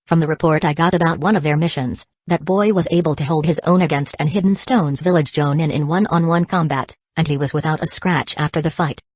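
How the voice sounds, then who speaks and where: A woman's voice: sits low, darkish tone, dry recording. A woman voicing a grumpy, menacing old male spymaster in an audiobook.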